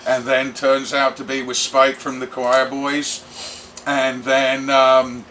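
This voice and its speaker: Brash animated rock musician man. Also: medium pitch, a little hiss or hum. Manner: brash, animated, does voices for quoted people. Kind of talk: casual storytelling interview.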